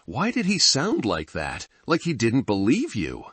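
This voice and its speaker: A man's voice: wildly swooping pitch, a little slow, breathy edge, no room sound, full character voice. Man doing a frightened teenage girl. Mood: panicked. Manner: panicky, high and strained.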